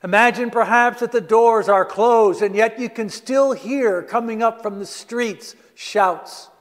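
Slow, high-voiced preacher in a hall. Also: male voice. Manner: slow guided imagery, soft hushed passages. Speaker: pastor. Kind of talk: sermon. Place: church sanctuary. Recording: long reverb of a church hall.

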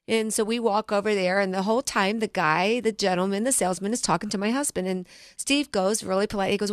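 A woman's voice: mid-range voice, a little fast, no echo, clean studio sound. A middle-aged woman, a financial planner hosting a radio talk show, telling stories earnestly and restarting her sentences.

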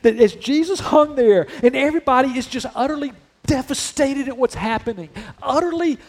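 A middle-aged male pastor delivers a sermon in a conversational, humorous way. His voice sits fairly high for a man. He stretches key phrases out slowly for emphasis.

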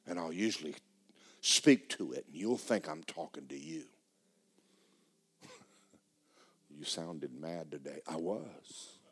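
A man preaching a sermon, swinging from loud, excited storytelling to low, hushed tones. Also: slow, pauses often, husky. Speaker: pastor. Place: church sanctuary.

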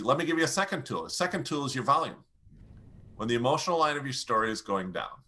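Male coach guest, bright and forceful, animated teaching style. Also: mid-range voice, quick pace. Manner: demonstrates pace and volume changes, animated. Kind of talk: energetic coaching talk.

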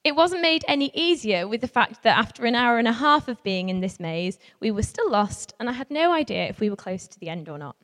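A woman's voice: on the high side, sing-song, fairly quick, few pauses, a bit bright. Chatty woman telling a story in a hall. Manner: chatty and self-mocking, laughing often. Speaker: young carers worker giving a talk. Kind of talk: storytelling talk to a live audience. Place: large hall with a live audience. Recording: long reverb in a large hall.

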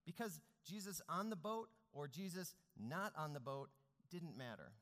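A man's voice: a little high, very animated, moderate pace, fairly bright tone. A man preaching a sermon as pastor, speaking earnestly with rising and falling emphasis. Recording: long reverb of a large hall.

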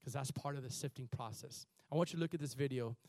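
A man's voice: medium pitch, quick pace, no echo. Impassioned preacher man, dry close sound. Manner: impassioned preaching, building from quiet to loud. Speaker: pastor. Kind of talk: sermon.

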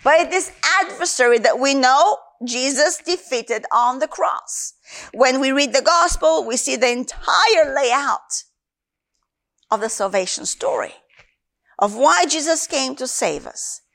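A woman's voice: sits high, expressive, unhurried, vocal fry, a bit bright. A woman from Africa, a Christian minister, giving an earnest sermon with her personal testimony and repeating key phrases for emphasis.

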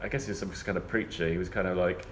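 A man's voice: low-pitched, steady tone, rapid-fire. A young man telling a rambling story in casual chat. He laughs often and slips into mock voices. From England. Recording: echoey room, faint background noise.

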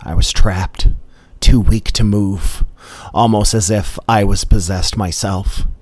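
A man's voice: on the low side, steady tone, slow, darkish tone, no echo. A man telling a comedic personal story in a dry, matter-of-fact way. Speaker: storyteller host.

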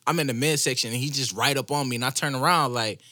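A young man co-hosting a podcast, telling a story in a casual, swearing, animated way and acting out the quotes. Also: mid-range voice, fast talker, no room sound, clean studio sound. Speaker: podcast co-host.

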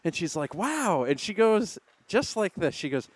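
A man's voice: lively intonation, moderate pace, dry recording. A man hosting a sports radio show, rambling through stories with lots of laughter. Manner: rambling storyteller, laughs a lot, squeaky impressions. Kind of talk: casual sports radio banter.

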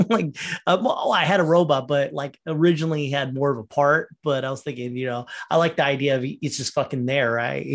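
Rambling, profane casual podcast man. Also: a little high. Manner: profane, rambling, laughs often; mocking quoted voices. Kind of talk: casual solo podcast rant.

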